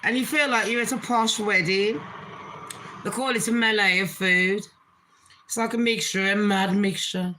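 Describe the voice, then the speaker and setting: A woman's voice: mid-range voice, fairly even intonation, normal speed, bright, forceful tone, slight background noise, low-quality recording. A woman chatting casually to her channel, swearing freely and laughing often. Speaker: channel host. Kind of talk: casual chat vlog.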